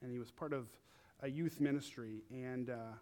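A young man preaching in a casual, animated way, acting out quotes in funny high voices. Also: normal speed. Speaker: pastor. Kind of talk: casual sermon.

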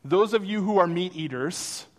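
A man's voice: high-pitched, normal speed. Man preaching in a reverberant hall. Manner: conversational, animated storytelling with acted-out quotes. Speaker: pastor. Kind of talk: sermon with personal stories.

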